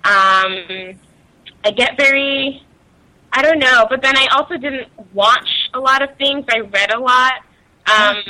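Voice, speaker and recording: A woman's voice: high-pitched, slow pace, sharp tone, rough recording. A young woman from Nigeria, chatting casually as an interview guest, laughing often and using many fillers.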